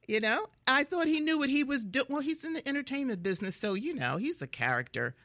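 A woman's voice: high-pitched, big pitch swings, quick pace, a bit bright, no room sound, studio quality. A woman from the Philadelphia area hosting a casual radio interview, chatty and laughing often. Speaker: radio host.

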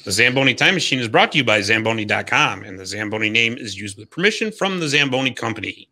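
A man's voice: mid-range voice, expressive, fast, pushed and bright. A man hosting a hockey podcast, reading a scripted history segment in an upbeat, jokey storytelling way. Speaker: podcast host.

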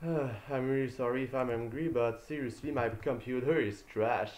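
A man's voice: medium pitch, moderate pace, darkish tone. A man streaming a video game, talking casually to his viewers in an exasperated, sighing way and repeating himself as he vents. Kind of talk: casual live-stream chat. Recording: roomy echo.

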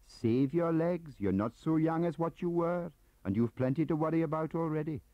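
A man's voice: fairly high pitch, moderate pace, no echo, voice pushed up, natural voice. A man voicing a fawning, anxious Welsh clerk with a pleading, sing-song voice. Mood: eager, defensive. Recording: muffled tape audio.

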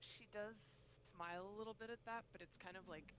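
A woman narrating her character at a tabletop game, soft and halting, trailing off mid-thought. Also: mid-range voice, steady tone, slight background noise, low-quality recording. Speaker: tabletop player.

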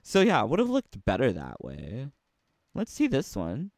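Sassy, animated man critiquing game costumes. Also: mid-range voice, moderate pace, dry recording, clean studio sound. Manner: playful, sassy critique with rhetorical questions. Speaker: gaming YouTuber. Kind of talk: casual commentary on game costumes.

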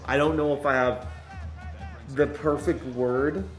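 A young man giving excitable commentary while playing a football video game, often bursting into loud shouts over big plays. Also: medium pitch, measured pace. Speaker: gaming YouTuber. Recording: echoey room with game music behind.

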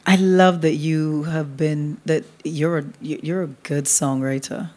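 A woman's voice: sits low, fairly even intonation, a little slow, a little mellow. A woman judging a talent show, praising a contestant's songwriting and then giving a critique, with hesitant fillers. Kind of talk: judge's critique.

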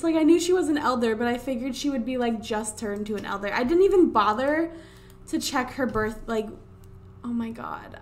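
A woman with a fairly high, darkish voice speaks at a moderate pace, giving casual gameplay commentary at home as a let's play host. She sounds exasperated, talks to the game characters, and stretches out her wows. She's recorded on a desk USB microphone.

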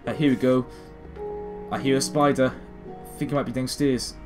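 A man's voice: mid-range voice, steady tone, moderate pace, a little mellow, soft background music. A British man in his late teens, rambling and self-mocking through gameplay commentary. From Britain. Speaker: gaming video host.

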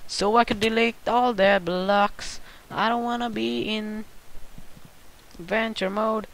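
Excitable goofy gameplay commentator, bright tone. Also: medium pitch, takes it slowly, rough recording. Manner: excitable, squeals and yells on jumps, goofy rambling. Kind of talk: casual game commentary.

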